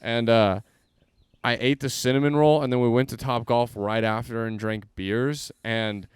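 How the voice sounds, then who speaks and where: A man's voice: mid-range voice, steady tone, moderate pace, clean tone, no echo. A man, a comedian cohost, telling a story and making crude, mocking jokes in casual podcast banter.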